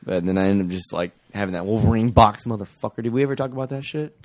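A man's voice: lowish voice, fairly even intonation, quick pace, no echo. A man telling a rambling story in casual chat, laughing often and swearing freely.

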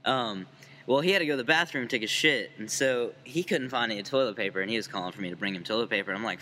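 A man's voice: medium pitch, fairly quick, pushed and bright, a little hiss or hum. A young man on a casual podcast telling a crude story with lots of swearing and laughter.

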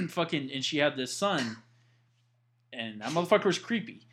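A young man telling stories in a casual chat with friends, swearing constantly and animated. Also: on the high side, moderate pace. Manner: profane, animated storytelling with heavy swearing.

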